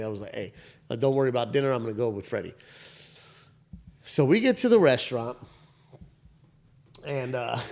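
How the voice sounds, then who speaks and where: A man in his thirties co-hosting a podcast, retelling a story in a rambling, animated way with lots of restarts and swearing. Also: mid-range voice, vocal fry. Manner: rambling, animated retelling with many "I was like" asides; frequent restarts and profanity. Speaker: podcast co-host. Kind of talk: casual storytelling chat.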